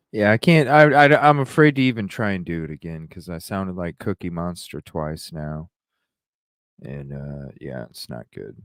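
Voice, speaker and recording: A man's voice: low-pitched, expressive, measured pace, no echo, clean studio sound. A man hosting a live podcast, chatting casually, laughing often and swearing as he rambles. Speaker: podcast host. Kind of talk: casual live-stream chat.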